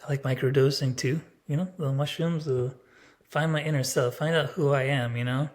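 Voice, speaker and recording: A man's voice: medium pitch, steady tone, a little fast. A man in his thirties talking straight to the camera in a casual personal vlog, rambling and blunt, with lots of filler words. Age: 30s. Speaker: vlogger.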